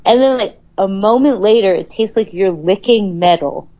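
A woman's voice: medium pitch, normal speed, warm tone, dull audio. A woman co-hosting a podcast, telling a story in casual chat with an exasperated, profane manner. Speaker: podcast co-host.

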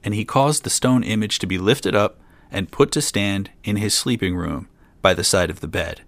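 Reading an old fairy tale at normal speed, this storyteller has a lowish, slightly bright voice on a dry recording. He keeps the delivery plain but slips in his own dry comments.

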